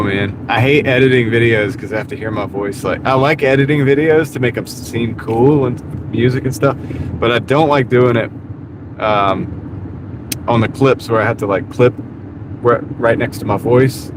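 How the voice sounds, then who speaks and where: Rambling Southern man chatting in a car. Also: mid-range voice. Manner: rambling, easygoing, self-deprecating, talks to chat. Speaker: gig delivery driver streaming live. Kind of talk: casual live-stream chat while driving. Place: inside a car at night. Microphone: wireless clip-on mic. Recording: audible road and car noise. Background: car and road noise.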